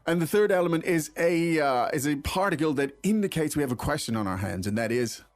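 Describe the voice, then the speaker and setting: A man hosting a language lesson, explaining phrases in a relaxed way with fillers and restarts. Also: a little high, fairly quick. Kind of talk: casual teaching chat.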